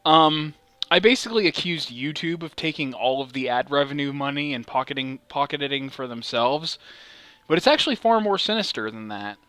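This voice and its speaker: A man hosting a let's play with a bright, tense edge to his voice and a smooth, crisp tone. He rambles casually, swears freely and pokes fun at himself. The recording is close and dry. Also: fairly high pitch, animated, moderate pace, dry recording. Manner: rambling, profane and self-mocking. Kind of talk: casual gaming chat.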